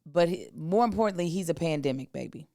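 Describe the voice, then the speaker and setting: A woman in her thirties, co-hosting a podcast, telling a family story in a casual, animated way and acting out the other people's voices. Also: on the low side, quick pace, vocal fry, dry recording, studio quality. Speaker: podcast co-host.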